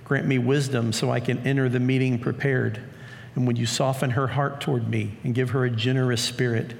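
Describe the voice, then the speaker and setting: A male pastor preaching a sermon in a lively, story-acting way, recorded in a church. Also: medium pitch, brisk, creaky, a little hiss or hum. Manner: animated, acts out scripture stories. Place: church auditorium. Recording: long church hall reverb.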